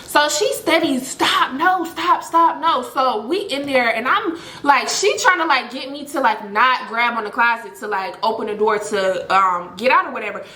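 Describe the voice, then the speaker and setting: Bright, high-voiced animated woman storyteller. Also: moderate pace, few pauses. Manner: animated, dramatic retelling with lots of "like". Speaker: storytelling vlogger. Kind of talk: casual storytime. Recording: echoey room.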